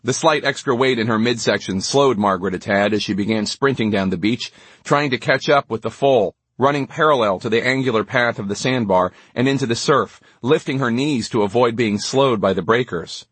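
Male narrator, measured delivery, husky voice, dry recording. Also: medium pitch, a bit bright, no echo. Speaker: audiobook narrator. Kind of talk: scripted narration.

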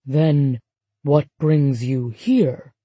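A woman voicing a kind, older male psychoanalyst who speaks slowly and gently in an audiobook. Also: rumbling low, steady tone, breathy edge, dry recording, pitched below the performer's own voice, heavily acted. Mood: calm. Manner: slow, gentle, measured. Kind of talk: audiobook narration.

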